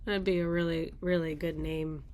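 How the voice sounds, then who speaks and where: A woman's voice: sits low, flat delivery, moderate pace, darkish tone. A woman hosting a daily weather radar show, thinking aloud in casual, rambling commentary as she looks at the maps.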